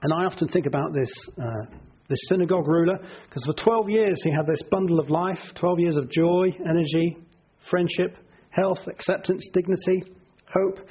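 A man's voice: high voice, husky, dull audio. A middle-aged man preaching an earnest sermon to his congregation, often repeating words for emphasis.

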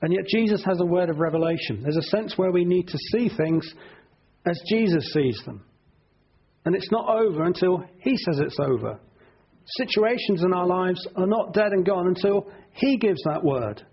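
A man's voice: high-pitched, lively intonation, normal speed, breathy edge, highs cut off. A middle-aged man preaching an earnest sermon to his congregation, often repeating words for emphasis.

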